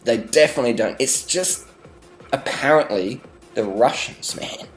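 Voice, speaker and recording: An Australian man delivers a rambling, sarcastic rant in a mock-serious tone and swears freely. His voice sits at a middling pitch. Faint music plays underneath. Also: measured pace. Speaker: vlogger.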